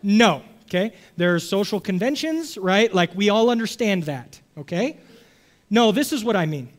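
A high-voiced man preaching a sermon. He talks conversationally and keeps checking in with his listeners. He swings between loud, emphatic stretches and quiet asides. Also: animated, moderate pace. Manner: conversational, checks in with "okay?" and "right?". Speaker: pastor.

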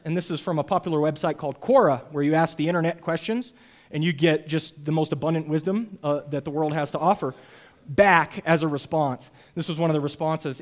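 A man's voice: fairly high pitch, a little fast. A young man preaching a sermon in an earnest, emphatic way, with rhetorical asides to his listeners. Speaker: pastor.

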